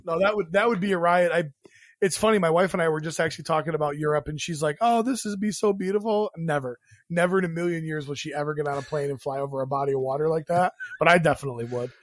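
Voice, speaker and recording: A man with a high voice jokes around as a podcast guest, mocking himself. The recording sounds dry and close. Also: steady tone, quick pace, dry recording. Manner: joking, self-mocking. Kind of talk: casual podcast chat.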